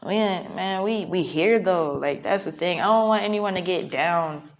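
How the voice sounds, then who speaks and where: A woman's voice: fairly low pitch, normal speed. A woman vlogging a casual, reflective monologue, rambling and frank with plenty of profanity, from a hotel room.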